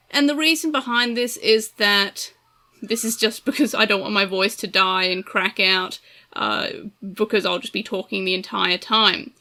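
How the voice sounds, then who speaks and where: An Australian woman talks through her podcast plans in an easygoing, self-deprecating way. Her voice has a bright, forward edge at a middling pitch for a woman. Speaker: podcast host. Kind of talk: casual podcast introduction.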